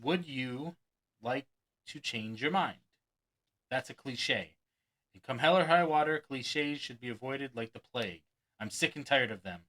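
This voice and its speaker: A man with a bright, ringing voice reads a magic book aloud. He chuckles often and drops in his own asides between passages. When quoting, he puts on mock enthusiasm. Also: medium pitch, lively intonation, unhurried, pauses often, low-quality recording. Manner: acts out quoted lines with mock enthusiasm. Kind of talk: reading aloud with commentary.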